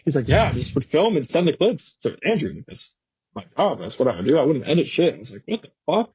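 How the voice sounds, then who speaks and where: A man's voice: mid-range voice, sing-song, fast talker, a little mellow, slightly rough, dry recording, muffled recording. A young man in his twenties, a guest skateboarder telling stories in casual, slangy, swearing chat in a podcast studio. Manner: slangy, swearing, laughing storyteller.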